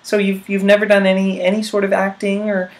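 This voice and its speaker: A man's voice: high-pitched, monotone, brisk, pitched above the performer's own voice. A man voicing a chirpy, sweetly patronizing middle-aged woman casting director.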